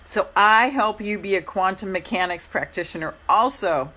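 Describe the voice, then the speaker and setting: A middle-aged woman hosting a live coaching stream, speaking in a gentle, encouraging way with a hoarse voice and often repeating her phrases. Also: medium pitch, moderate pace.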